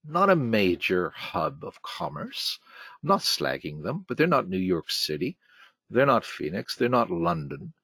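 A man's voice: deep voice, sing-song, a little slow, fairly bright tone, husky, dry recording. A middle-aged man hosting a casual monologue series. He reads old conference topic titles aloud and adds wry, emphatic commentary on each. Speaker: host of a retrospective series.

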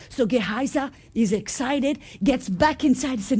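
A woman preaching a sermon, telling the story by acting out the characters' voices and moving from quiet asides to loud exclamations. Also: high-pitched, expressive, moderate pace, few pauses, slightly rough.

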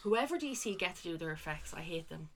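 A woman's voice: fairly low pitch, animated, brisk, a crowd in the background. A young woman co-hosting a podcast, chatting casually and swearing freely, sitting a little back from the mic. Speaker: podcast co-host. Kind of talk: casual chat. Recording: slightly distant from the mic.

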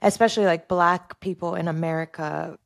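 A woman's voice: on the low side, fairly even intonation, normal speed, gravelly, no echo, clean studio sound. A woman co-hosting a podcast, joining in casually and reflectively, searching for her words. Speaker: podcast co-host.

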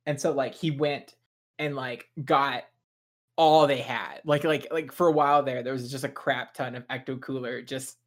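A man's voice: medium pitch, steady tone, moderate pace. Rambling man full of "like". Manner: filler-heavy storytelling, lots of "like". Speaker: podcast co-host, comedy writer. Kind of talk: casual chat.

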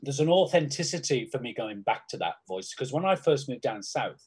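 Male stage actor, softened Liverpool accent, husky tone, thoughtful and halting, interview chat. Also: mid-range voice, very animated. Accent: softened Liverpool (Scouse). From Liverpool, England. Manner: thoughtful, halting, frequent restarts. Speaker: stage actor and panto dame. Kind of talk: conversational interview.

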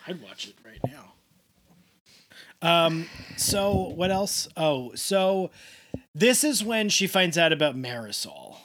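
Man co-host, jokey and animated, voice jumps around a lot while recapping. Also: a little high. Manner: animated, jokey, quick asides. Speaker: podcast co-host. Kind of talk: casual recap chat.

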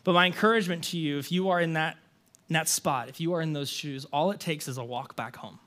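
A man preaching a conversational sermon as pastor, telling the story in an animated way with rhetorical questions and a frequent casual "like". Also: fairly high pitch, quick pace.

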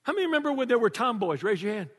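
An older man preaching a sermon to a congregation, animated and joking, laughing often. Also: extremely high pitch, racing, slightly rough. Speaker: pastor. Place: church before a congregation. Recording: long reverb of a large church.

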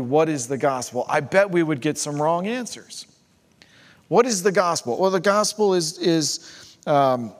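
A male pastor preaching a sermon, stacking rhetorical questions and dropping to a hush on key phrases. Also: high voice. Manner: rhetorical, builds with repeated questions. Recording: long church hall reverb.

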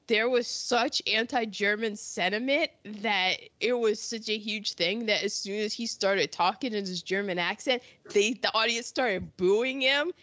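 A woman's voice: on the high side, pushed and bright, no room sound, dull audio. A woman co-hosting a podcast, chatting casually and laughing often as she trails into asides. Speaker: podcast co-host. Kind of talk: casual chat about old films.

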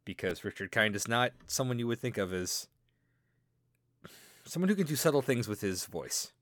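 A man co-hosting a podcast, trading wry, teasing remarks in casual banter. His pitch sits in the ordinary middle range for a man, and the recording is dry and close, with no room sound. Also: animated, normal speed, a bit bright, no echo. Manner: wry, teasing, mutters asides. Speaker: podcast co-host.

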